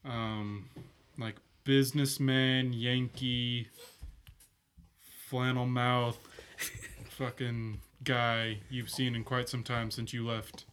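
A man's voice: mid-range voice, flat delivery, extremely slow, fairly bright tone, slight background noise. Male game master, loose and chatty, narrates with lots of filler. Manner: casual, rambling, many fillers.

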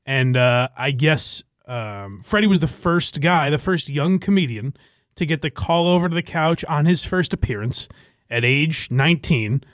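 A man's voice: fairly high pitch, lively intonation, unhurried, fairly bright tone, no room sound, clean studio sound. A man hosting a podcast in casual chat, rambling with fillers, swearing and laughing. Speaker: podcast host.

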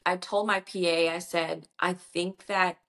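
A young woman, chatting in an interview as a debut novelist and retelling conversations in a lively, rambling way. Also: on the low side, a little slow. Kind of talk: casual interview chat.

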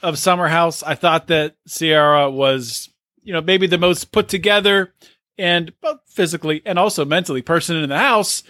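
Bright, dry-sounding man chatting casually. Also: on the high side, no echo. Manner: measured, hesitant with restarts. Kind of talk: casual chat.

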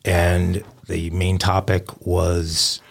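Un homme qui co-anime un podcast en bavardage décontracté, hésitant et blagueur. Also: male voice, deep voice, completely flat delivery, drawn-out words, vocal fry. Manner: rambling, hesitant, joking. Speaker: co-host. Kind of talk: casual podcast banter.

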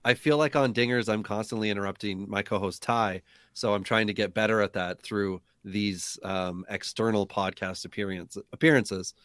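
A man's voice: fairly low pitch, steady tone, moderate pace, a bit bright, no room sound, studio quality. A man appearing as a guest on a podcast, polite and a little self-deprecating. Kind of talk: casual podcast chat.

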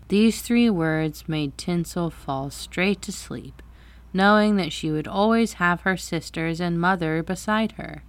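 A woman reading a bedtime fairy tale in a soft, soothing manner. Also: fairly low pitch, dry recording. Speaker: storyteller. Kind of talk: bedtime story narration. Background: faint music.

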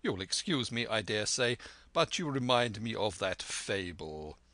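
A man voicing a calm, shrewd doctor with a dry wit who speaks in an urbane, composed manner in a storybook reading. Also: lowish voice, measured pace, no room sound, exaggerated voice.

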